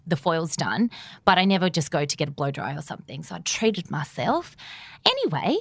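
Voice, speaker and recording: A young woman chats and tells stories as a podcast co-host. Her pitch moves around a lot as she talks. The sound is close and dry, with no room. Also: no room sound. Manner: chatty, storytelling, lively. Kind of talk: casual chat.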